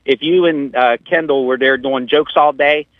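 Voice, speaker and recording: A man's voice: mid-range voice, fairly even intonation, normal speed, dry recording. Rambling male caller on a muffled line. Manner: rambling, teasing, with many fillers. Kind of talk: call-in radio chat.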